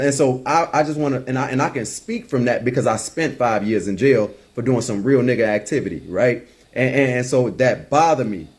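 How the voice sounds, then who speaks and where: A man's voice: mid-range voice, a little mellow. A man, giving impassioned, preachy commentary as a podcast host and stumbling over repeated words. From United States. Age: 30s. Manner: preachy, emphatic, repeats words when heated.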